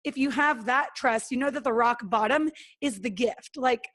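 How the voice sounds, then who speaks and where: A woman's voice: on the high side, moderate pace, a bit bright. A woman talking as a podcast guest in a casual, earnest and motivational way, acting out her own thoughts and what others said. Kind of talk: casual interview talk.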